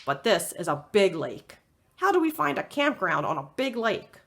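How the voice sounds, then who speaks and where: A woman voicing a loyal, friendly male dog who tells the story, in her own gentle unhurried voice. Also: medium pitch, big pitch swings, vocal fry. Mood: earnest. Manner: plain, gentle, slow.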